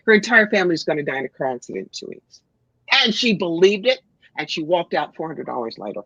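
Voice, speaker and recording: A woman author chatting on a livestream, telling stories with lively quoted bits. Her voice is mid-pitched and sounds dull and lo-fi, very dry with no room. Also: husky, dry recording. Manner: animated storyteller, quick to quote and act out others. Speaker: guest author. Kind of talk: casual livestream chat.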